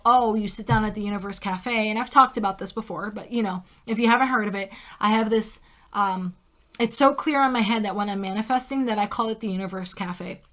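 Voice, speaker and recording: A woman's voice: mid-range voice, fairly bright tone. A woman hosting a solo podcast, talking in a blunt, casual way, swearing freely and acting out little scenes as she explains. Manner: blunt and swears freely, acts out diner exchanges. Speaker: podcast host.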